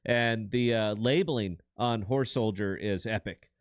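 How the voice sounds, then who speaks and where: A man's voice: lowish voice, measured pace, no room sound. A man in his fifties co-hosting a casual live show, rambling and telling corny dad jokes. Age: 50s. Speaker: podcast co-host.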